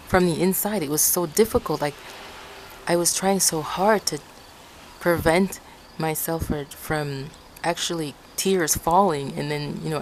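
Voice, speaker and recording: A woman's voice: sits low, a little hiss or hum, rough recording. A woman from Ecuador telling a personal story to her viewers in a rambling, repetitive way, often calling out to them. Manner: rambling, repeats herself, often addresses viewers as guys. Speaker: vlogger.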